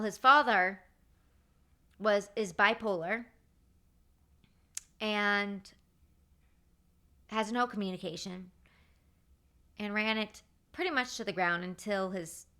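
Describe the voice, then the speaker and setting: A woman's voice: mid-range voice, clear, resonant tone. A woman in her thirties hosting a podcast, telling work stories in a casual, chatty way with lots of fillers and quoted dialogue. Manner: animated retelling with acted-out quotes. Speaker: podcast host. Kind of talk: casual storytelling monologue.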